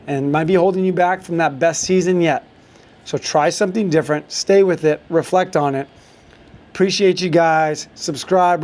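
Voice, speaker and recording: A man's voice: a little high, darkish tone. A man hosting a solo sports podcast, coaching listeners in a motivational way. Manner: coaching, motivational, with fillers and restarts.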